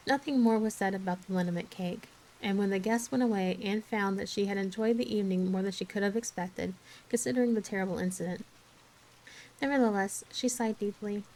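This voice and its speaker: A woman narrating a classic novel in a soft, even storytelling manner for an ASMR book reading. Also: medium pitch, rough recording. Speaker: ASMR reader.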